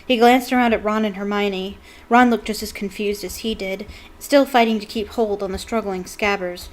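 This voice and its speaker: A woman host reads a novel aloud with an expressive, storytelling delivery. Between passages she breaks off into casual, playful comments. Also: medium pitch, moderate pace. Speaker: book reader and channel host.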